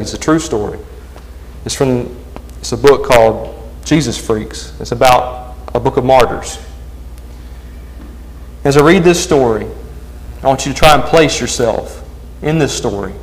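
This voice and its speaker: A man's voice: medium pitch, low-quality recording. A man preaching a sermon, earnestly asking the congregation one question after another.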